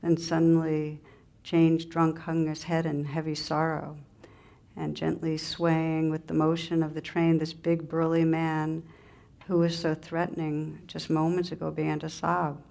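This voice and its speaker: A woman meditation teacher giving a spiritual talk and telling a story, gentle and unhurried in short pausing phrases. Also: low voice, monotone, creaky.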